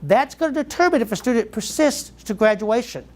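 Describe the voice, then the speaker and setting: A middle-aged man from Southeast Georgia with a Georgia accent, giving a keynote speech to educators and telling lively stories that draw in the audience. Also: very high-pitched, fairly quick. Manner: lively storyteller who quizzes the audience. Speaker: keynote speaker.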